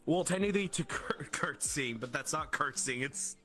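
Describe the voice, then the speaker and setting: A man guesting on a stream, excitable and laughing hard, chatting casually. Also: a little high, normal speed, faint music behind.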